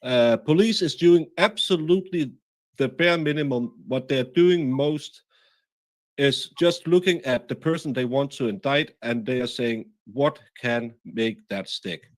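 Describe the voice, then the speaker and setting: Male stream host, mid-pitched, rambling, halting delivery full of fillers. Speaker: livestream host. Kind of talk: casual chat.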